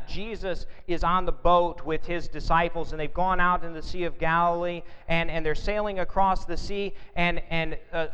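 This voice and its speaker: A man's voice: high-pitched, fairly bright tone, clear, resonant tone. A man preaching an evening sermon in an earnest way, often repeating words as he thinks, recorded in a church sanctuary. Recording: reverberant hall, dull lo-fi sound.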